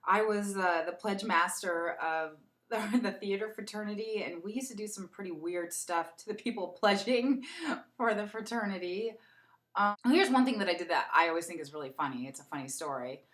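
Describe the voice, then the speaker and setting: A young woman chatting casually in a get-to-know-me vlog, animated and laughing as she tells a story. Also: medium pitch, moderate pace. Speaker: beauty vlogger. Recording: echoey room.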